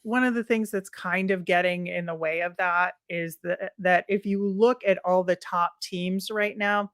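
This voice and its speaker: A woman co-hosting a casual sports podcast, chatty and analytical, quick to break into a laugh. Her voice sits a little low for a woman. The sound is close and dry, with no room in it. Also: steady tone, dry recording. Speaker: podcast co-host.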